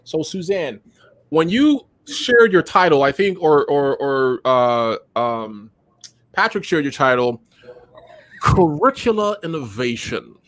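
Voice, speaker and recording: A man hosts a live talk show with eager, animated energy, his speech full of fillers. His voice sits a little high. The sound is dry and close to the mic. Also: slow pace, no echo. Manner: enthusiastic, animated, many fillers. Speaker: host.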